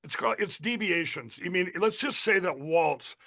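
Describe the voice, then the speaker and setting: A middle-aged man from Minnesota with a high voice for a man, a candidate guest on a radio interview. He rambles and pushes his points hard, restarting sentences again and again as he builds momentum. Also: lively intonation, normal speed, pushed and bright. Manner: rambling, emphatic, many restarts.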